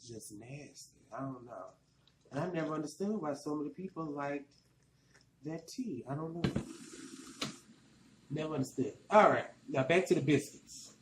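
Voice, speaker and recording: A man's voice: fairly high pitch, lively intonation, moderate pace, long pauses, a little hiss or hum. Chatty Southern man in an echoey kitchen. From Arkansas, US South. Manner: chatty, rambling, colloquial. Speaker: cooking vlogger. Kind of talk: casual cooking tutorial. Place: home kitchen.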